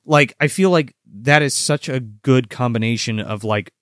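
A man's voice: mid-range voice, moderate pace, clear, resonant tone, no room sound, studio quality. A man in his thirties or forties co-hosting a live-streamed show, rambling and swearing as he reads chat comments. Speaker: podcast co-host.

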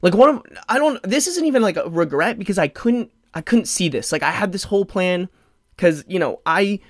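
A man in his twenties talks alone into a podcast microphone, his voice sitting a touch higher than most men's. He rambles, leans on "like" and restarts his sentences, sounding openly emotional. The recording is dry, with no room sound. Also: expressive, fairly quick, dry recording. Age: 20s. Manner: rambling, heavy use of "like" fillers, frequent restarts; emotional, openly close to tears at times. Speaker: podcast host. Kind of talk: solo podcast chat.

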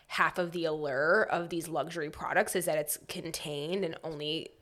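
A woman's voice: low voice, steady tone, normal speed, fairly bright tone. A woman co-hosting a podcast, telling a story in a casual, chatty way with wry asides. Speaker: podcast co-host.

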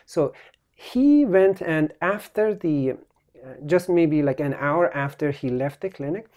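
A male physician telling a story as a podcast guest, halting and full of restarts. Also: on the high side, expressive, warm tone. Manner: halting, with many restarts and trailing phrases.

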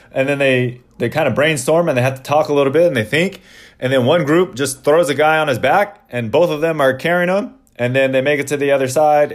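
A man who coaches basketball, casually explaining his practice drills in a relaxed storytelling way with frequent fillers. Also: medium pitch.

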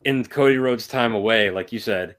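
A man appearing as a guest on a podcast, giving measured, analytical takes in a casual discussion. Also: fairly low pitch, fairly bright tone.

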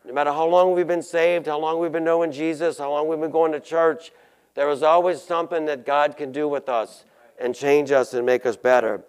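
A man preaches to his congregation in an earnest, searching way, stumbling and restarting as he goes. His voice sits a little high for a man and sounds smooth and resonant. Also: steady tone. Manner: earnest, halting with frequent restarts. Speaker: pastor. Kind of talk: sermon.

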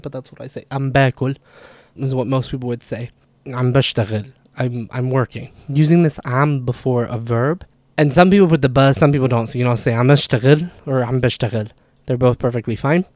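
A man explains grammar to his students in a loose, chatty way, often restarting and filling pauses as he thinks aloud. His voice sits at an ordinary middle pitch, and the recording is dry and close. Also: a little mellow, no echo. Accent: Levantine Arabic speaker. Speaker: Arabic teacher. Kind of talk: casual explainer lesson.

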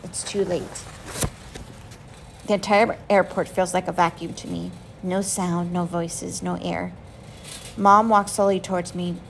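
A woman narrating a novel in the first person, reading with expressive emotion. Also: fairly low pitch, normal speed, vocal fry, slight background noise, low-quality recording. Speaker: audiobook reader.

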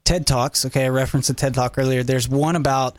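A man talking casually about markets as a guest, animated and rambling, with lots of fillers. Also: medium pitch, fast, dry recording. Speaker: finance guest. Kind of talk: casual chat.

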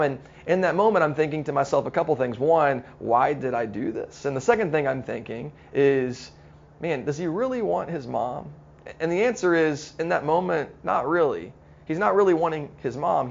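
A middle-aged man preaching a sermon as a pastor, telling stories in an earnest way and slowing down to stress key points. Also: mid-range voice, gravelly, highs cut off. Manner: storytelling, earnest, slows down for emphasis.

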